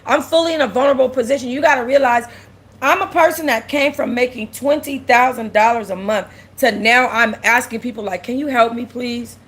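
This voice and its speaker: This young woman's voice is fairly high, fairly quick and fairly bright as she hosts a casual livestream. On the verge of tears and speaking openly, she repeats things and responds to viewer comments she reads aloud.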